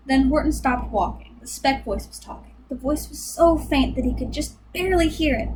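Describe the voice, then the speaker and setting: A woman reading a rhyming picture book aloud in a rhythmic, expressive way. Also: high-pitched, moderate pace, few pauses, noisy background. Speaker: storyteller.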